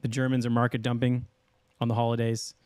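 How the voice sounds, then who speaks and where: A man's voice: medium pitch, completely flat delivery, brisk, darkish tone, clear, resonant tone, dry recording. A man co-hosting a podcast in easygoing, joking casual chat. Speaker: podcast co-host.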